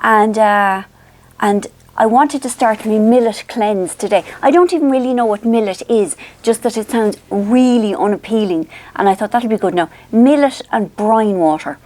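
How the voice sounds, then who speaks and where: A woman's voice: mid-range voice, moderate pace. Chatty Irish woman vlogging from home. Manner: chatty, animated, self-mocking. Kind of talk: casual chat to camera.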